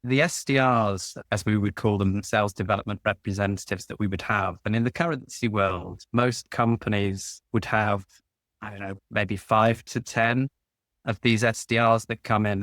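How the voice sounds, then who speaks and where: A man's voice: on the low side, fairly bright tone, no room sound. A man hosting an interview, talking reflectively through his own work experience at length. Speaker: podcast host. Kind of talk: conversational interview.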